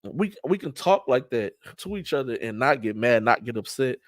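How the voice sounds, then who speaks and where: A man's voice: medium pitch, lively intonation, normal speed, no echo. Middle-aged man, sports talk host, emphatic, streetwise, restarts, dry close sound. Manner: emphatic, trash-talking streetwise delivery with repeated restarts. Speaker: show host and event organizer. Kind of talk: casual talk-show monologue.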